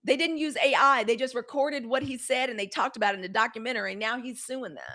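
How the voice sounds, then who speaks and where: A middle-aged woman hosting a live news commentary stream, speaking. She is blunt and animated, swears freely, and breaks off to answer viewers in the chat. Her voice sits a little high for a woman. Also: fast.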